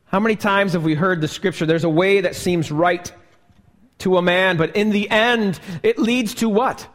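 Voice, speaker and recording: A man preaching a live sermon as pastor, slow and emphatic, asking the congregation rhetorical questions. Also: high-pitched, fairly even intonation, fairly bright tone. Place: church sanctuary. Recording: live church recording with long reverb.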